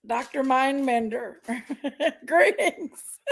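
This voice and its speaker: A woman hosting a casual livestream chat, rambling and greeting each viewer by name with drawn-out, effusive exclamations. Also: sits high, vocal fry, slightly rough. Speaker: livestream host.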